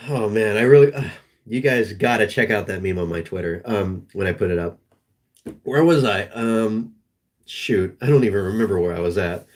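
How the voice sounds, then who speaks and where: A man streaming live, chatting casually in a rambling, halting way full of restarts. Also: on the low side, darkish tone. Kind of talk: casual livestream chat.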